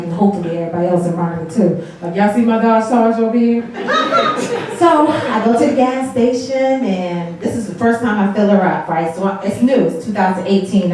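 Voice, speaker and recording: A woman, performing a stand-up comedy set on a dark theater stage and talking straight to the crowd. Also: medium pitch, very echoey, far from the mic, low-quality recording. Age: 40s. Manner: chatty, addresses the crowd directly, laughs between jokes. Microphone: handheld stage mic.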